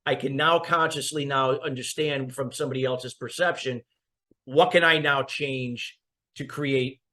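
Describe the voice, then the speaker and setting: Male podcast host, mid-pitched, encouraging and conversational. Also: steady tone, a little slow, bright, forceful tone. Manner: encouraging, affirming interviewer. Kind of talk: interview host chat.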